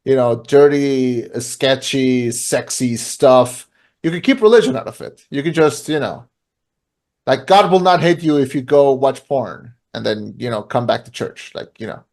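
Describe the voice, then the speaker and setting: A man co-hosting a laid-back podcast, talking in a rambling way with plenty of ums and uhs. His voice sits at an ordinary middle pitch. He sometimes bursts into loud, high impressions. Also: unhurried. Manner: rambling, lots of fillers, booming impressions. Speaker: podcast co-host. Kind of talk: casual podcast chat.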